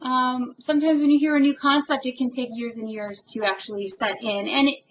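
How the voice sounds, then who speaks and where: A woman's voice: high-pitched, fairly even intonation, brisk, a bit bright, lo-fi sound, a little hiss or hum. A woman giving a casual personal monologue as a spiritual vlogger, earnest and rambling and emotionally moved. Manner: earnest and rambling, with many fillers.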